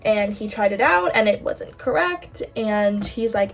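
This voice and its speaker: A woman's voice: mid-range voice, expressive, a little slow, gravelly, distant mic. A young woman in her late teens telling a personal story in a candid, chatty way, full of fillers and casual swearing. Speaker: bracelet-making vlogger. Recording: voice a bit off-mic, faint music behind.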